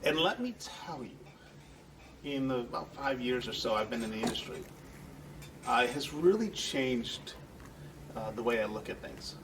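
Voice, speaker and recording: A man's voice: medium pitch, expressive, normal speed, pauses often, far from the mic, background noise. A man guest in an interview, telling earnest, rambling stories and acting out the people he quotes. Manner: earnest, rambling storyteller who acts out quoted voices. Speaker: guest, entertainment center manager. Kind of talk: conversational storytelling interview.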